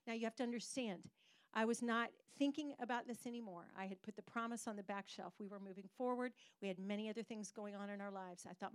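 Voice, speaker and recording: A middle-aged woman pastor preaching a sermon, telling a personal story in an animated way with pauses for emphasis. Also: mid-range voice, smooth, no room sound.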